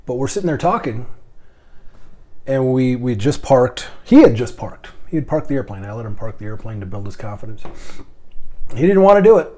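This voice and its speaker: A man's voice: medium pitch, very animated, a little fast, dark tone. A middle-aged man, a podcast host and airline captain, rambling and stammering through a casual monologue.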